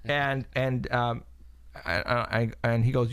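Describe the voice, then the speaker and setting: A man hosting a paranormal talk show, telling stories in a casual, animated way and acting out the people he quotes. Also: mid-range voice, unhurried, smooth, no echo. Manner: animated storyteller, acts out phone calls with quoted voices. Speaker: paranormal investigator and show host. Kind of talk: casual chat.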